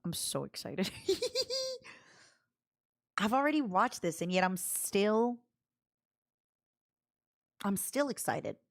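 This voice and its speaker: A woman's voice: mid-range voice, sing-song, takes it slowly, pauses often. A woman streamer chatting casually with her viewers, reading their messages aloud and laughing often. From Canada. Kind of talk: casual livestream chat.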